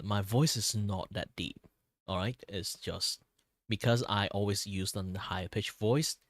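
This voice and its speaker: A man's voice: low voice, dry recording, studio quality. A man streaming as a VTuber, chatting casually in a worn, tired voice, rambling with fillers and little chuckles. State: voice worn and tired from talking a lot. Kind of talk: casual chat with stream viewers.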